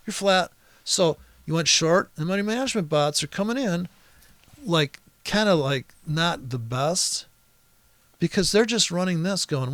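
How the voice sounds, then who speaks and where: A man's voice: on the high side, lively intonation, normal speed, dry recording. A man walking through a trading chart in an exasperated, sarcastic, profane running commentary that rambles with restarts and asides. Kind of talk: screen-recorded chart commentary.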